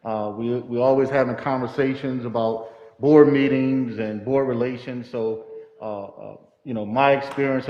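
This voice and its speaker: A man speaks earnestly to a school board and stumbles through fillers and restarts. His voice carries a long hall reverb, and the audio sounds dull and muffled. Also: medium pitch. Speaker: school superintendent. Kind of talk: remarks at a public meeting. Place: public meeting room.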